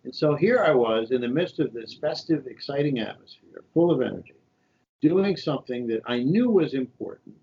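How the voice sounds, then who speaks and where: A man in his fifties from New York, telling animated stories in an interview and acting out the quotes. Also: medium pitch, moderate pace, gravelly, lo-fi sound. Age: 50s. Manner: animated anecdotal storytelling with voiced quotes. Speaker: guest, shadow senator. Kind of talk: storytelling interview.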